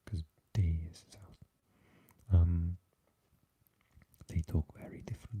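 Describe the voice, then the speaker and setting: A man from South Wales with a South Welsh accent, hosting a whispered ASMR stream, softly chatting through viewer comments and slipping between whisper and low voice. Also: fairly even intonation, takes it slowly, pauses often, breathy edge. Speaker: ASMR livestream host.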